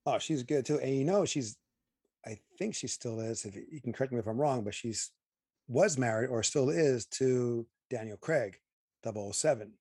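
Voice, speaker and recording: A man's voice: medium pitch, moderate pace, slightly rough, dry recording, studio quality. A man co-hosting a casual movie review chat, emphatic and opinionated as he airs his gripes. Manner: opinionated, emphatic, animated asides. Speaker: podcast co-host.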